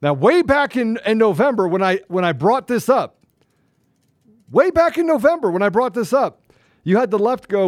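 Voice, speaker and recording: A man co-hosting a political talk show, angry and emphatic, swinging between loud outbursts and low muttering. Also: sing-song, normal speed, no room sound, clean studio sound. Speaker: podcast co-host.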